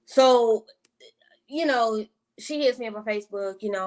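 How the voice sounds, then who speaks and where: Woman vlogger, slightly high voice, rambling and profane storytime delivery full of asides. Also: unhurried, pauses often, a little mellow. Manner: profane, rambling, with side tangents to viewers. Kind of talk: casual storytime monologue.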